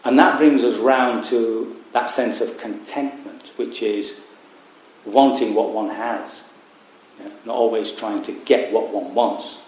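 Male meditation teacher, mid-pitched, calm dharma talk, very echoey hall. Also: a little hiss or hum. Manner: reflective, pausing, wry asides. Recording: very echoey room.

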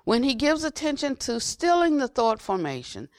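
Older woman giving a soft dharma talk. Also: sits high, sing-song, no echo, studio quality. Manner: unhurried, repeats phrases for emphasis, drops to a near whisper at phrase ends. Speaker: Buddhist teacher.

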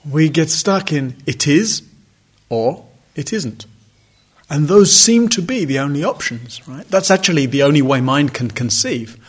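Man, husky voice, meditation teacher, reflective dharma talk, wry asides. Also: on the high side, expressive, a little slow. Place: retreat center hall.

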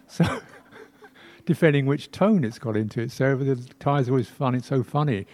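A Buddhist teacher, a man with a warm and mellow medium-pitched voice, offers a dharma talk in a temple hall. His delivery is slow and thoughtful, broken by frequent pauses and gentle laughs, with the odd playful imitation of speech sounds.

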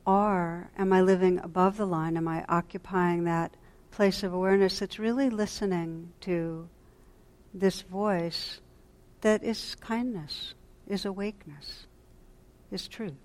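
A woman with a somewhat low voice gives a dharma talk to a retreat audience. She speaks gently and reflectively, often sinking into a soft hush. She pauses and restarts her sentences as she thinks. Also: steady tone. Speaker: meditation teacher.

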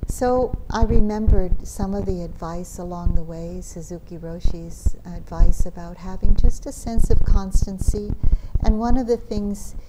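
A woman meditation teacher giving a dharma talk at a retreat, speaking in a gentle, reflective way with soft laughs. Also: mid-range voice, unhurried. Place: retreat center meditation hall. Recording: loud background noise.

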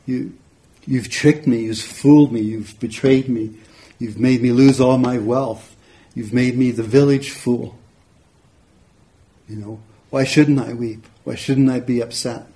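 A man's voice: mid-range voice, fairly even intonation, a little slow, warm tone, close to an everyday voice. A man voicing a poor male farmer who is tearful, anguished and pleading. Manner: anguished, accusing, then remorseful.

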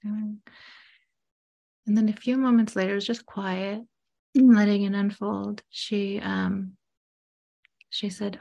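A woman telling a story from her teaching practice in a halting, soft-spoken way, often dropping to a whisper. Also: medium pitch, level tone, creaky, muffled recording. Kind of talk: reflective storytelling.

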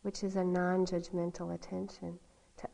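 A woman meditation teacher giving a dharma talk at a retreat, telling a family story with soft laughs before easing into quiet teaching. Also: fairly low pitch, monotone, normal speed, vocal fry, rough recording. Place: meditation hall.

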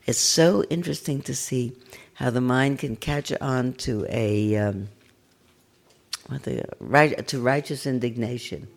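An older woman giving a gentle, conversational dharma talk as a meditation teacher, with a self-mocking manner. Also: very deep voice, a little slow, gravelly. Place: meditation center.

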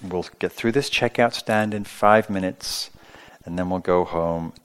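A man putting on a calm, patient mother. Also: low voice, unhurried, clear, resonant tone. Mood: calm soothing. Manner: calm, soothing.

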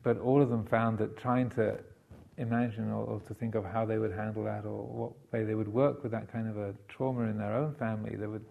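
A man giving a Buddhist dharma talk, telling a story in a halting way with many fillers and restarts. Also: lowish voice, flat delivery, gravelly, darkish tone, a little hiss or hum. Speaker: Buddhist monk teacher.

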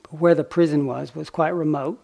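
A man giving a dharma talk as a meditation teacher, telling a story gently and unhurriedly, with pauses and small fillers. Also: on the high side, steady tone, gravelly. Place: retreat center meditation hall.

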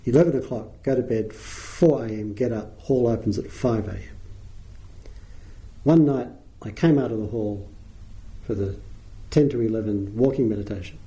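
A man's voice: on the low side, normal speed, mellow, low-quality recording. A middle-aged man giving a dharma talk as a meditation teacher, telling wry anecdotes and chuckling at his own stories.

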